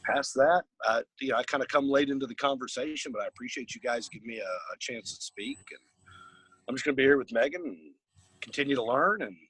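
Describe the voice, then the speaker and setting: A man's voice: medium pitch, fast talker, breathy edge, no echo, low-quality recording. A man from the Chicago area, a caregiver, talks casually and ramblingly on a video call. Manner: relaxed, rambling, many fillers. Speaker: caregiver partner. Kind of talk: casual personal sharing on a group call.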